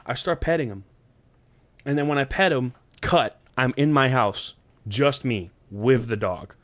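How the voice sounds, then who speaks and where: A man hosting a podcast, telling a long story in casual, profane chat and jumping into high voices when he quotes people. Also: measured pace, no echo. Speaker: podcast host.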